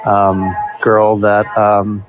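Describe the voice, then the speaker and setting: A man casually telling a story in a voice note, animated and swearing freely, from the United States. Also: lowish voice, extremely slow, dull audio, music in the background.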